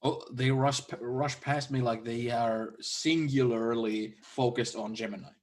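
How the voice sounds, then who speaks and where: A man's voice: mid-range voice, steady tone, unhurried. Chill guy player chatting at the game table, trips over his words a bit. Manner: easygoing, stumbling starts. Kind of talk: casual game chat.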